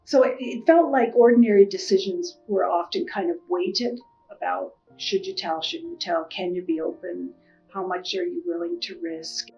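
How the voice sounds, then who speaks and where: Gravelly-voiced thoughtful middle-aged woman. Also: on the low side, steady tone. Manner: thoughtful, halting, many fillers. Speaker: oral history interviewee. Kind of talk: personal storytelling. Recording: muffled lo-fi audio with soft music.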